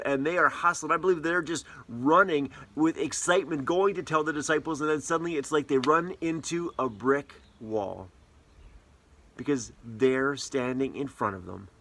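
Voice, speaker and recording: Guy giving a sermon, kinda high voice, tells stories big, gets loud then hushed. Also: normal speed, few pauses. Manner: animated storyteller with wide swings in loudness and pace. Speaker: pastor.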